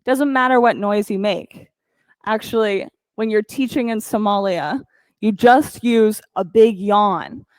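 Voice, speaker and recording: A woman teaching a yoga class, calmly counting breaths and cueing poses with encouragement. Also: mid-range voice, unhurried, no echo, rough recording. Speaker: yoga instructor. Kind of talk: guided yoga class cues.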